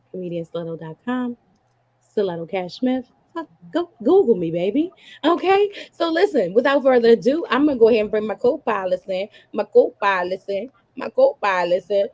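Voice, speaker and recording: A woman hosting and comedian, running a lively podcast chat over a video call with hyped, repetitive call-outs to the audience. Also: mid-range voice, brisk. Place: Baltimore.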